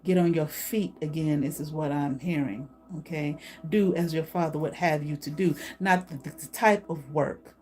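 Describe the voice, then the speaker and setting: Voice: mid-range voice, moderate pace, few pauses, a little mellow. A tarot reader giving a casual, spoken reading, emphatic and blunt, tagging lines with a repeated "okay?" and swearing freely.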